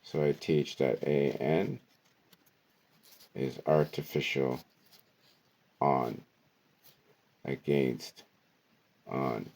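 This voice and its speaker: A man teaching an esoteric word-decoding lesson, talking deliberately and often checking in with "okay" and "right". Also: rumbling low, creaky, darkish tone.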